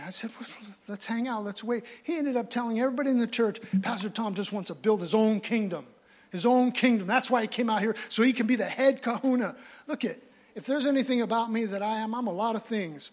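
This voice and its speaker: High-voiced male pastor preaching live. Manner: storytelling, acts out quoted voices. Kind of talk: live sermon. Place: church hall, live.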